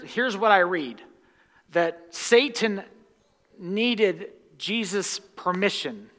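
A man's voice: high-pitched, a bit bright. A male pastor preaching a sermon in a church sanctuary, emphatic and repeating key lines for stress. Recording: long reverb of a large hall.

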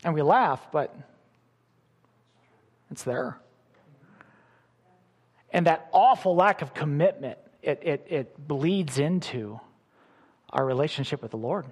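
A middle-aged man preaching a sermon as pastor, animated, with sudden loud bursts and soft drops. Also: fairly high pitch, slow pace, long pauses, long reverb tail.

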